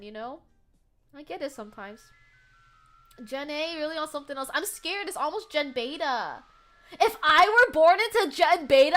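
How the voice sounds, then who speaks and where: A woman's voice: high voice, pushed and bright. A woman streamer chatting casually and animatedly, laughing often and swearing freely. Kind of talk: casual chat.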